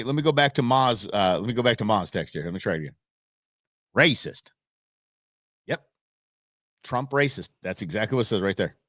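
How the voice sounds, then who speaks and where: A man hosts a live commentary show, his pitch rising and falling in a lively way as he rambles and restarts his sentences. The sound is dry and close, with no room echo. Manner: rambling, chatty, many restarts. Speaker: talk show host.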